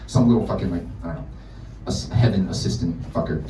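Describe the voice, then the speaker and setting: A male stand-up comedian doing a profane, animated routine in a bar. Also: low voice, fast talker, a little hiss or hum. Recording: echoey bar, from far off.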